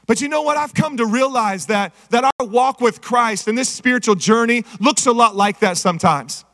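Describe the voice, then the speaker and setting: A middle-aged man preaching a sermon, energetic and calling out to the congregation. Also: very high voice, moderate pace. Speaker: pastor. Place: church sanctuary. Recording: reverberant church hall.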